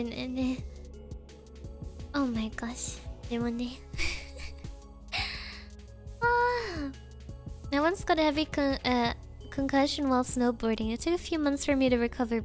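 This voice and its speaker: A woman's voice: sits high, steady tone, moderate pace, darkish tone, faint music behind. A woman streamer from Germany chatting casually, rambling with lots of "like" and frequent giggles. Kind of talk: casual chat.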